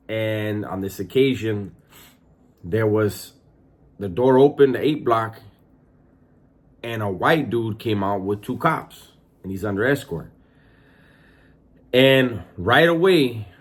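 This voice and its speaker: Husky-voiced man telling prison stories. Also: lowish voice. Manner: profane, acts out voices in his story. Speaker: former prison inmate storyteller. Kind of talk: casual storytelling.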